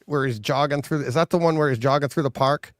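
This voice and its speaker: A man's voice: fairly high pitch, fast talker, dry recording. Laughing male podcast co-host, dry sound. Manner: laughing, animated storytelling. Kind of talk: casual chat.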